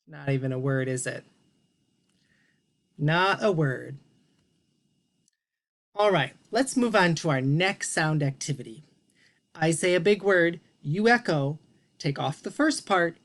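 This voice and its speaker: Slow, patient woman teaching children. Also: fairly low pitch, lively intonation. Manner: patient, encouraging, speaks to young children. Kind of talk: children's phonics lesson.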